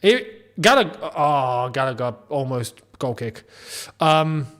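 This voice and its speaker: A man's voice: mid-range voice, slow pace. A young man hosting a live football watchalong, reacting to each play and scolding players as if they could hear him. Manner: animated, exclaiming and scolding players directly. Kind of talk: live match reaction commentary.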